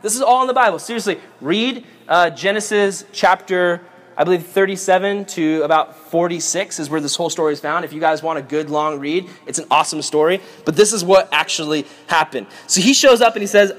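Brief: male preacher, animated and joking, storytelling with a high voice. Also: brisk. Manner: animated, playful, jokey. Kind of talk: lively Bible storytelling.

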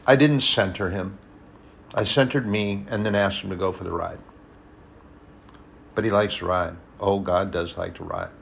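A man preaching a sermon, telling personal stories, swinging between hushed and loud, emphatic passages. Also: sits low, steady tone, moderate pace, creaky, pauses often, a little hiss or hum. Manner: storytelling, personal anecdotes.

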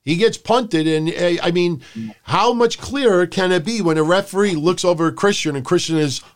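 A man co-hosting a wrestling podcast, recapping the show in casual, profane chat and shouting out quotes in a high voice. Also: moderate pace. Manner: animated, profane, mimics people in loud high shouts. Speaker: podcast co-host.

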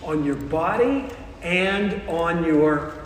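A man giving a motivational keynote talk to a live audience, telling stories with punchy pauses and quizzing the crowd. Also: on the high side, expressive, far from the mic, slight background noise. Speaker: motivational speaker. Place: large hall with an audience. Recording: echoey hall, long reverb, faint ambience.

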